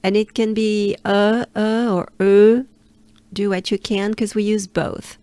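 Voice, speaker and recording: A woman from France with a French accent, teaching pronunciation by slowly repeating syllables and leading the listener through them. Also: mid-range voice, fairly even intonation, gravelly, mellow, no echo. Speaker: pronunciation coach. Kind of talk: slow, drilled pronunciation lesson.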